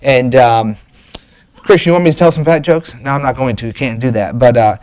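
A man's voice: medium pitch, moderate pace, darkish tone, smooth, poor audio. A middle-aged man preaching a sermon as pastor, folksy and storytelling, with frequent fillers and restarts.

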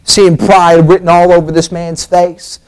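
A man's voice: high-pitched, flat delivery, measured pace, darkish tone, poor audio. A man preaching a sermon, telling a story with an emphatic, rising and falling preaching cadence.

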